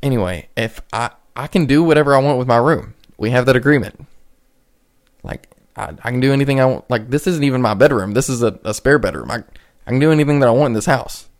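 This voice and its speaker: A man's voice: medium pitch, fast talker. A man in his twenties hosting a solo podcast, talking casually and rambling with frequent restarts. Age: 20s. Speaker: podcast host.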